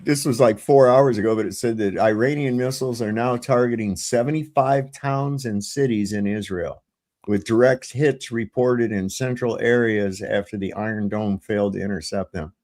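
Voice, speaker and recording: A man's voice: on the low side, steady tone, moderate pace, a little mellow. A man hosting a casual panel discussion, talking loosely and profanely and reading out headlines. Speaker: host.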